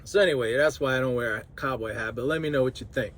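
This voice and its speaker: A truck driver from New Orleans with a New Orleans accent, chatting casually to camera in a vlog and laughing often. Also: male voice, medium pitch, fast, a bit bright. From New Orleans, Louisiana.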